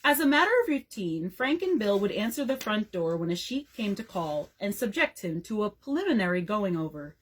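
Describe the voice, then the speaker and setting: Expressive, breathy woman reading a bedtime story. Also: on the low side. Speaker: librarian. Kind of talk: bedtime story read-aloud.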